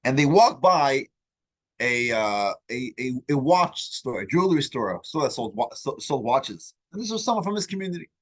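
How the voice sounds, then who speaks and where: A man teaching a weekly religious class, asking the group questions and telling stories in an animated way, often restarting his words. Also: medium pitch, normal speed, rough recording. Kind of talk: lesson with storytelling.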